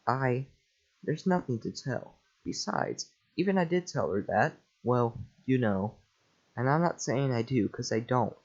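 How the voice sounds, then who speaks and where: A man voicing a gruff, awkward male ogre, hesitant and stumbling over his words in a casual reading. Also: mid-range voice, lively intonation, measured pace. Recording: lo-fi home mic.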